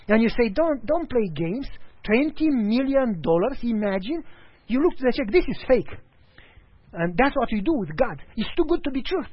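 Male preacher, lively storytelling delivery with voiced dialogue; high, animated pitch. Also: normal speed, slightly rough, dry recording. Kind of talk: sermon. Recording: dull lo-fi audio.

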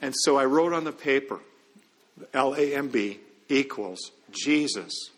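A man's voice: medium pitch, animated, unhurried. A middle-aged man giving an earnest, conversational testimony as a Christian businessman, with quoted dialogue. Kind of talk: storytelling testimony. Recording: long hall reverb.

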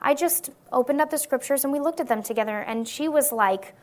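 High-voiced woman giving an earnest sermon. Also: a little fast, darkish tone. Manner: earnest, checks in with listeners by asking "right?". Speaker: Christian speaker. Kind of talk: testimony-style sermon talk to an audience.

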